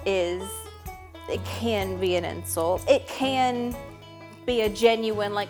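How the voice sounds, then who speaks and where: A woman's voice: mid-range voice, expressive, moderate pace, darkish tone, faint music behind. A woman with an Arkansas Southern accent, chatty and laughing lightly as she explains. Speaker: interviewee.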